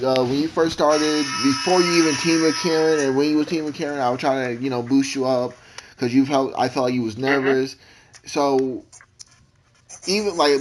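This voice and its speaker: A man co-hosting a casual podcast, talking in a rambling, emotional way with many halting restarts. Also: medium pitch, slight background noise, rough recording. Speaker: podcast co-host.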